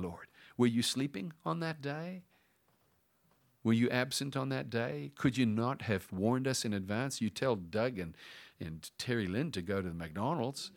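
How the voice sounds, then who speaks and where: A middle-aged man preaching a sermon, with slow dramatic pauses and some passages dropped to a whisper. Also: mid-range voice. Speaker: pastor.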